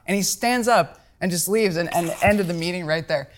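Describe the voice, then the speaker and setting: Woman, podcast guest, lively storyteller, voices the people she quotes. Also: mid-range voice, brisk, few pauses. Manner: animated, acts out quoted people. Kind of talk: casual storytelling.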